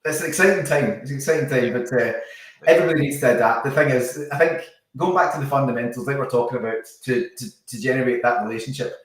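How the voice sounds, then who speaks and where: A man, a business founder talking casually as a podcast guest, chatty and quick to laugh. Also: medium pitch. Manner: chatty, laughs easily, trips over words. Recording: echoey room, far from the mic.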